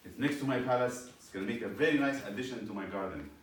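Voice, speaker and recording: A man's voice: mid-range voice, quick pace, close to an everyday voice. A man voicing a greedy, sulking king who whines and demands. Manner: whiny, demanding. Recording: echoey room, distant mic, faint noise.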